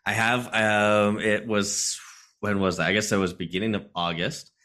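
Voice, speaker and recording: A man's voice: lowish voice, little pitch movement, moderate pace, pushed and bright. A man, a streamer guest on a podcast, chatting casually and explaining his views at length.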